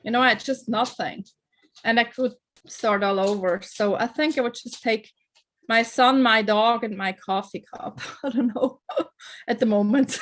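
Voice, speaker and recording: A woman's voice: a little high, a little slow. A woman chatting on a casual group video call, laughing at herself as she tells stories. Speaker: call participant.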